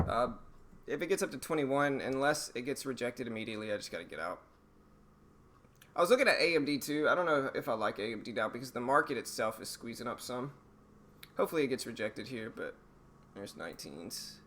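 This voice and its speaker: A day trader hosts a live stream, thinking out loud in a loose, halting way. His medium-pitched voice has a slight hoarseness.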